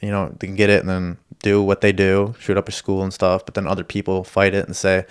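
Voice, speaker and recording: Young man, lowish voice, podcast host, rambling, profane, self-deprecating stories. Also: flat delivery, a little fast, smooth. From Michigan. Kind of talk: casual storytelling monologue.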